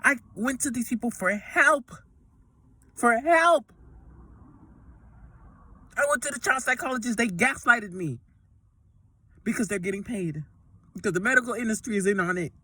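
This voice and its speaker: A woman's voice: fairly high pitch, brisk, sharp tone, breathy edge. A woman ranting emotionally to her camera from inside a parked truck, agitated and swearing heavily, often repeating herself. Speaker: vlogger. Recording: voice somewhat far from mic.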